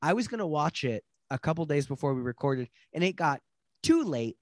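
Animated man telling a story. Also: a little high, brisk, no echo, studio quality. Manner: animated, acts out quoted voices, laughs often. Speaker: podcast co-host. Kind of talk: casual chat, animated storytelling.

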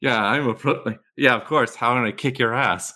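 Brash, bright-voiced man at a game table. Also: medium pitch, brisk. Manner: brash, joking. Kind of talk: casual game chat.

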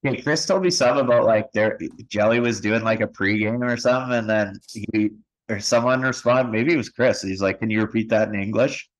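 A man hosts a casual podcast chat, relaxed and easygoing. He keeps the talk moving by prompting his guest with questions, in a voice of ordinary male pitch. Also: brisk, rough recording. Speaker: podcast host.

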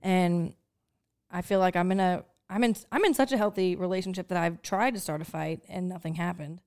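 A woman's voice: fairly low pitch, fairly quick, darkish tone, smooth. A young woman co-hosting a podcast in casual chat, blunt and joking, swearing freely. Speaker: podcast co-host.

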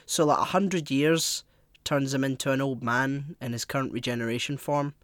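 A man's voice: medium pitch, fairly even intonation, normal speed, fairly bright tone, no room sound. Rambling Scottish man, dry close sound. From Scotland. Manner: rambling, stumbling restarts, swears. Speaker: podcast co-host. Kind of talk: casual chat.

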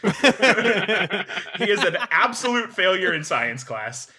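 A man with a bright, forceful voice and lively swings in pitch talks through a movie's oddities, peppering it with "like" and laughing as he goes. He sits a little above average pitch and chats casually. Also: slow. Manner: animated, laughing, lots of "like". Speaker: podcast panelist. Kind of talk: casual chat.

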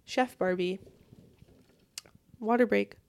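A chatty young woman hosts a casual solo podcast, rambling along in a bubbly, easygoing way. Her voice sits in an ordinary middle pitch for a woman. She is talking from her bed at home. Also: slow pace, gravelly, a little mellow. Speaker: podcast host.

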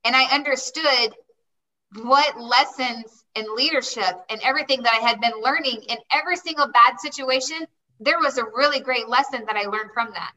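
Chatty high-voiced woman telling her story. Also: normal speed, bright, forceful tone, recorded from a distance, low-quality recording. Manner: chatty, quotes herself, says "like" often. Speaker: interview guest. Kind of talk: personal storytelling.

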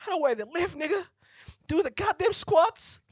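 A man's voice: very high-pitched, fast talker, dry recording, clean studio sound, pitched above the performer's own voice. A man doing a furious threatening gym trainer. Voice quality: shouting, threatening, profane.

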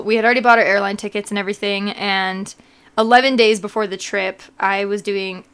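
A woman's voice: mid-range voice, a bit bright, smooth. A young woman co-hosting a podcast, chatting casually with lots of fillers and laughter. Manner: giggly, rambling with fillers. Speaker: podcast co-host. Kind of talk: casual chat.

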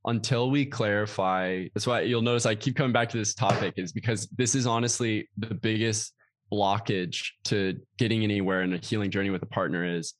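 A man co-hosting a casual talk about relationships, earnest and animated as he explains. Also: fairly low pitch, no echo. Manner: earnest, animated storytelling with quick asides.

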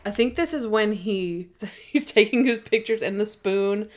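A woman chatting as a podcast co-host, lively and quick, slipping into little acted quotes as she talks. Her pitch sits in an ordinary middle range, neither high nor low. It is relaxed, casual talk. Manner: animated, quotes characters in quick bursts. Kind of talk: casual chat.

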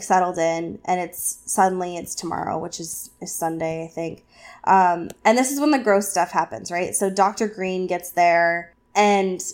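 A woman co-hosting a casual podcast, recapping a novel chapter with lots of fillers and quick asides. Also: fairly low pitch. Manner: chatty, filler-heavy, acts out characters in quick asides. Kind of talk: casual chat.

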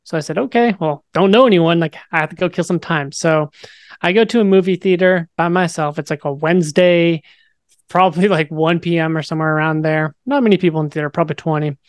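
A young man in his twenties, speaking in a casual, animated way with many fillers, telling a personal story as an interview guest. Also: on the high side, fast, no echo, studio quality.

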